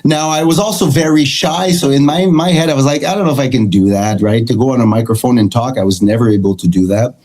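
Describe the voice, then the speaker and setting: Animated storytelling middle-aged man. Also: mid-range voice, fast talker, few pauses, low-quality recording. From Canada. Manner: animated, acts out quoted dialogue. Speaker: guest, country guitarist. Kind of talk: storytelling interview chat.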